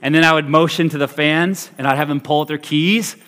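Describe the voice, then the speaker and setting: A man preaching a sermon as pastor, energetic and humorous, swinging between loud hype and quiet, hushed delivery. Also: fairly high pitch, brisk. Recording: reverberant hall.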